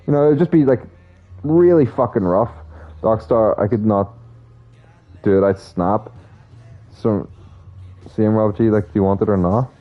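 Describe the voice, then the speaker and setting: A man's voice: fairly low pitch, unhurried, pauses often. Profane rambling young man. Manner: profane, rambling, animated storytelling. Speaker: streamer talking to chat. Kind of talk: casual rambling chat. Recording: slightly dull sound with faint music. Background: faint music.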